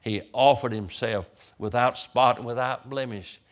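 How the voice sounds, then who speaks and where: A man's voice: medium pitch, measured pace. A man, a pastor, preaching a sermon as vivid storytelling, often stammering over the first words of a sentence.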